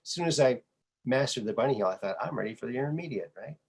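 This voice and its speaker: A man hosting a podcast, telling personal stories in a casual, animated way and acting out the people he quotes. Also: mid-range voice, quick pace, slightly rough. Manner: animated storyteller who acts out quoted voices. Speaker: podcast host. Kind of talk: casual conversational storytelling.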